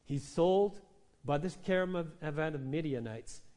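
A man with a high voice preaches with animated energy. He tells his story vividly and acts out the people in it. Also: a little slow. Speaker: pastor. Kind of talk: sermon.

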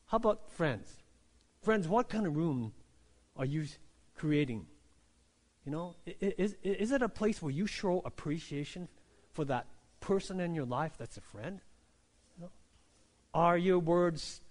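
A pastor delivering a sermon in a high, light voice. He talks to the congregation like a conversation, often tagging his points with a quick question and restarting phrases as he goes. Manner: conversational preaching, frequent "right?" and "you know" tags, repeated restarts.

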